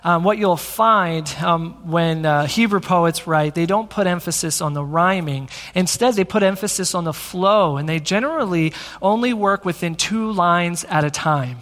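A man with a high voice delivers a teaching sermon from a church sanctuary. His delivery is energetic and conversational, addressed straight to the people in front of him. Long reverb from the large hall trails after every phrase. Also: normal speed, few pauses. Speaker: pastor.

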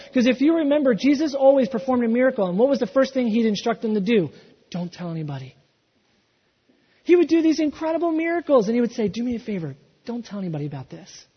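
A male pastor preaching a sermon, telling the story with animation and acting out the quotes, swinging from loud to hushed. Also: extremely high pitch, husky. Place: church sanctuary. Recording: dull sound in a reverberant hall.

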